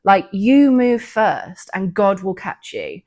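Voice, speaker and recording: A woman's voice: medium pitch, expressive, takes it slowly, a little mellow. A woman, co-hosting a podcast and earnestly recounting a personal faith story in a casual, reflective way. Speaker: podcast co-host.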